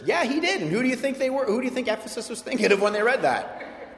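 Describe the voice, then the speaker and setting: A male pastor preaching a sermon in a lively, conversational way, swinging from loud emphatic quotes to quiet, intimate asides. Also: very high-pitched, fast. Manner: animated, conversational, quoting with shifting intensity. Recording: echoey hall with long reverb.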